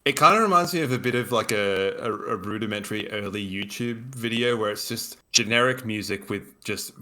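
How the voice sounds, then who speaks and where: Forceful opinionated man. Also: on the low side, brisk. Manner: emphatic and opinionated. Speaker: podcast co-host. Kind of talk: casual sports podcast chat.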